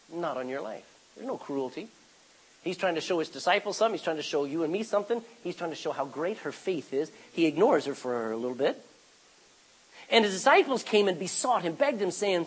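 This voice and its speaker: During a sermon in a church, a man with a high, husky voice preaches energetically and takes on the voices of characters in his stories. The audio quality is poor.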